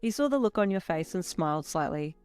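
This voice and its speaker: Steady, lowish female fanfic narrator over soft background music. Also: fairly quick, smooth. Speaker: fanfiction reader. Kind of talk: second-person story narration.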